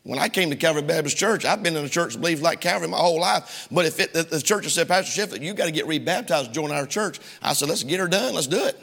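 A man's voice: on the high side, expressive, fast, vocal fry, few pauses, a bit bright. A male pastor preaching a sermon from the pulpit with an emphatic, repeating cadence. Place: church sanctuary. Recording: long hall reverb in a church.

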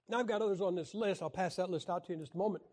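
A man teaching a Bible class in a folksy, joking way, often clearing his throat and restarting his sentences. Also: sits high, darkish tone. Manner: frequent throat clearing and restarts, jokey asides. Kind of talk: folksy teaching talk with jokes.

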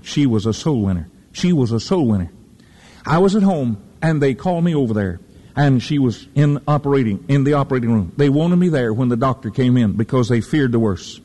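A man's voice: medium pitch, dark tone. A man preaching a sermon, telling folksy stories with fervor. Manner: fervent, folksy storytelling preacher. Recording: echoey hall reverb.

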